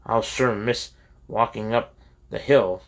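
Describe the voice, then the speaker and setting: Earnest, troubled young student, quiet and respectful, lowish voice, read by a male narrator. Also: steady tone, slow pace.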